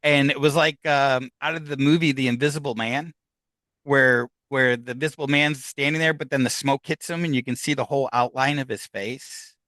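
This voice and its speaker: Bright-voiced man rambling through a story. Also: mid-range voice, steady tone, dry recording, rough recording. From Upstate New York. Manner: rambling, halting with fillers and restarts; acts out other people's lines as he tells the story. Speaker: podcast guest. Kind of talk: storytelling in a podcast interview.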